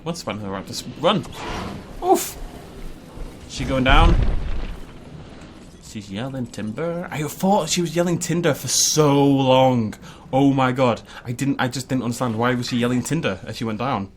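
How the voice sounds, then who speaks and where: A man's voice: medium pitch, normal speed, background noise. A young man from Wales, hosting a casual let's-play, rambling and joking with frequent laughs. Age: young adult. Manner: rambling and jokey, laughs often. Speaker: gaming video host.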